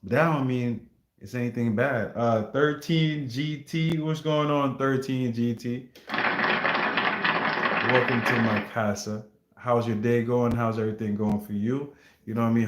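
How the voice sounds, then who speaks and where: A man's voice: mid-range voice, fairly even intonation, measured pace, echoey room. A man hosting a casual livestream, chatting with viewers in a rambling, laid-back way. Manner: rambling, laid-back, heavy use of filler phrases like "you know what I mean". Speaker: livestream reaction host.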